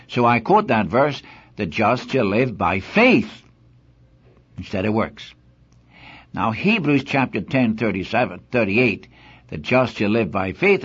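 A man's voice: mid-range voice, fairly bright tone, husky. An older man preaching a Bible teaching sermon, earnest and emphatic, returning again and again to one key verse. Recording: dull lo-fi old recording.

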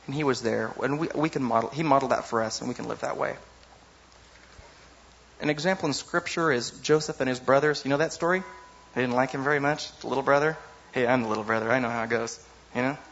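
A man preaching a sermon in a lively, conversational way, often asking the audience "you know?". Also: medium pitch, highs cut off, a little hiss or hum.

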